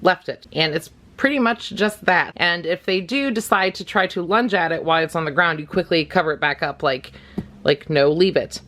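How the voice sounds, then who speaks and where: A woman's voice: fairly low pitch, moderate pace, fairly bright tone. A woman giving a casual dog-training vlog lesson, chatty and laughing often as she coos praise at her dogs.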